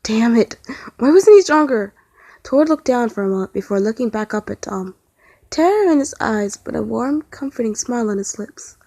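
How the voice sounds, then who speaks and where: A woman's voice: on the high side, expressive, moderate pace, warm tone, no echo. A woman reading fan fiction aloud as narrator, telling it in an earnest, emotional way.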